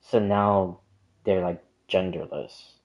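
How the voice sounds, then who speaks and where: Slow, deep-voiced man rambling through theories. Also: steady tone, muffled recording. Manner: rambling, hesitant, many fillers and restarts. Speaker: gaming lore commentator. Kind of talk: casual explanatory monologue.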